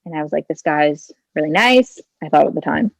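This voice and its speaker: A woman's voice: deep voice, animated, fairly quick, vocal fry, dry recording, rough recording. A woman in her twenties, a podcast guest telling a personal story in a chatty way, leaning on "like" and "kinda" and acting out her own thoughts, speaking into a handheld phone. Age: 20s.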